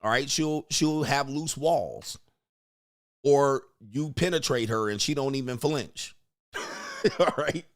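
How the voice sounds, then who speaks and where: A man's voice: mid-range voice, slow. Crude, joking male commentary host. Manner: crude, joking, mimics voices. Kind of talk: casual reaction commentary.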